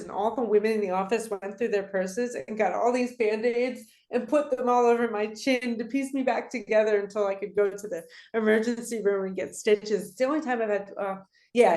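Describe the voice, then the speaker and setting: A woman in her forties speaks as a podcast guest at a mid-range pitch. She tells her stories with lively, casual energy and acts out the people she quotes. Her voice carries a noticeable roomy echo. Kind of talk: casual conversational interview.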